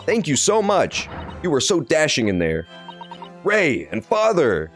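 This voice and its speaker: Young man, upbeat and cocky, lively pitch, a streamer voicing him; background music. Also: unhurried, full character voice. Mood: excited.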